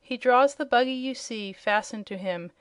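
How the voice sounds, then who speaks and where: A woman's voice: a little high, normal speed, smooth, dry recording, natural voice. Woman reading as a brave little girl, eager, plain-spoken, storybook, dry sound.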